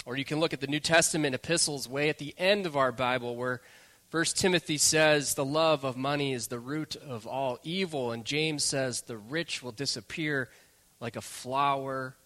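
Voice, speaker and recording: A man's voice: a little high, bright, forceful tone. A male pastor preaching a sermon, stressing his points by repeating key phrases.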